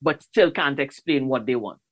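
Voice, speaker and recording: A man's voice: mid-range voice, lively intonation, normal speed. A man hosting an interview, rambling and repeating words while encouraging his guest. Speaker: podcast host. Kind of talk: casual interview talk.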